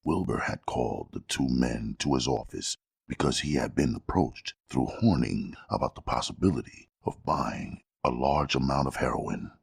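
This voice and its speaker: A man narrating a gritty novel in a steady, measured way. His voice sits extremely low with a heavy gravelly fry and a husky edge. The delivery is dry and close. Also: no echo. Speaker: audiobook narrator. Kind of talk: scripted audiobook narration.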